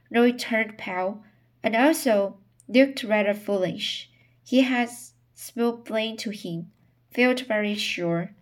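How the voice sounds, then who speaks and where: A woman reading a novel aloud, often stumbling over words and starting phrases again. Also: medium pitch. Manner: reads slowly with frequent stumbles and restarts. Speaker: narrator.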